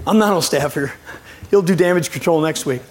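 Middle-aged guest preacher, high tenor voice, jokey, with apologetic asides. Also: male voice, a little fast. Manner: lively and joking, with frequent apologetic asides. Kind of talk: sermon.

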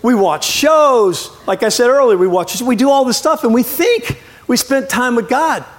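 High-voiced man preaching a lively sermon. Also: moderate pace. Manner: lively and joking, with frequent apologetic asides. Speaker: guest preacher.

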